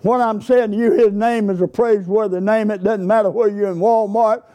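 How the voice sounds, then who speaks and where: This sermon comes from a man with a high-pitched voice who speaks briskly and fairly evenly. He mixes down-home storytelling with exuberant outbursts of praise.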